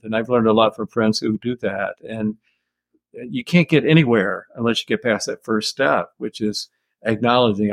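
An older American man speaks at a middle pitch in a measured, reflective way, telling stories with quiet chuckles. The sound is dry and close, with no room around it. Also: no room sound. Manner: measured, thoughtful storytelling with soft chuckles. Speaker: author being interviewed. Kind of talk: reflective interview answers.

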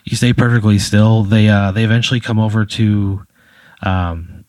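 Low-voiced guy rambling through a made-up story, tons of "like", dry close sound. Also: steady tone, moderate pace, a little mellow, no echo. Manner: rambling, many fillers, laughing at his own jokes. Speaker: host running an improvised scenario. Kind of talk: casual improvised storytelling.

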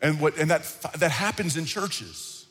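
A man preaching a sermon in a conversational, animated style, often repeating himself. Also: a little high, measured pace. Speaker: pastor. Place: large hall, church service. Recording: reverberant hall with faint music.

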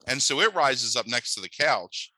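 A man's voice: medium pitch, big pitch swings, moderate pace, sharp tone, dry recording, poor audio. A man casually recapping a bad movie, rambling, swearing and disbelieving, with many filler "like"s. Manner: rambling, profane and incredulous, heavy on "like".

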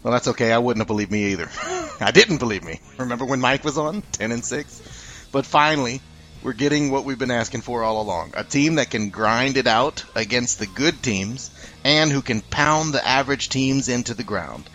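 A man hosts a casual sports podcast in an upbeat, joking way. His voice sits at an ordinary middle pitch, and his talk is loose and chatty. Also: moderate pace, a bit bright. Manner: jokey, upbeat. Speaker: podcast host.

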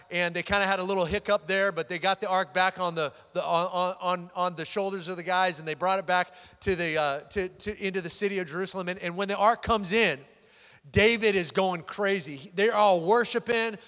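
Male pastor, high voice, animated storyteller, in a reverberant hall. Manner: animated storytelling, swells loud in worship. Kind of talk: sermon.

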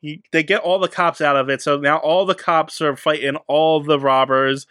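Man, casual movie chat, slightly high voice, dry room, mocking recap. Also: fairly even intonation, normal speed, a bit bright, dry recording. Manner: recaps plot, dismissive and joking. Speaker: podcast co-host.

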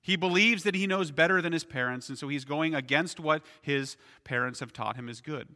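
A man's voice: fairly high pitch, brisk, pushed and bright, big-room sound. A man preaching a sermon as pastor, in a conversational way, often asking "right?".

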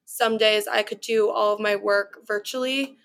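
A woman's voice: medium pitch, steady tone, measured pace, gravelly, a bit bright. A young woman in her twenties answering interview questions in a chatty, casual way, often saying "you know" and "like". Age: 20s. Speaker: study-abroad student guest.

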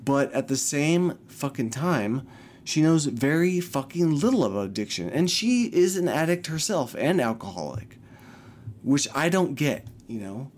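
A man's voice: a little high, sing-song, a little mellow. Agitated young man venting, swearing freely. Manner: agitated, swears a lot, halting restarts. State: upset. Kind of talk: venting personal story to camera.

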